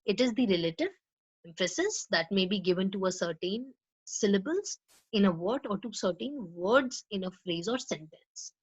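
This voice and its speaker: A woman's voice: medium pitch, expressive, breathy edge, muffled recording. Indian woman teaching pronunciation. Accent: Indian English. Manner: explains slowly with frequent fillers and repeated words; models pronunciation with deliberate stress. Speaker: law college English teacher. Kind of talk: recorded online lecture.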